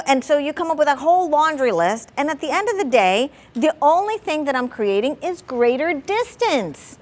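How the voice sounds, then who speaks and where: A woman therapist speaks frankly about raising her son, her voice sitting a little high. She talks in an animated way, peppering her speech with "like" and playing up her old temper. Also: normal speed, few pauses. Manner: animated, fillers of "like", dramatizes her own anger. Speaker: family therapist. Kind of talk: candid talk on parenting.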